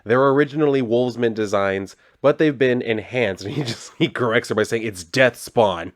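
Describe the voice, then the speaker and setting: A man's voice: mid-range voice, fairly quick, no echo, clean studio sound. A man casually recapping a comic book, laid-back and swearing freely.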